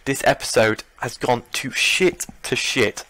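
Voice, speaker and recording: A young man commentates on his game in an exasperated, ranting way, sighing and swearing as things go wrong. His voice sits at an ordinary middle pitch. The recording is close and dry, with no room sound. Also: steady tone, a little slow, bright, forceful tone, no echo. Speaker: let's play gamer.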